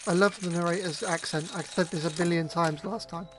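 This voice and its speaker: Chatty high-voiced man, game music behind. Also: steady tone, a little fast. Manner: chatty, playful, joking asides. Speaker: gaming streamer. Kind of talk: casual let's-play commentary.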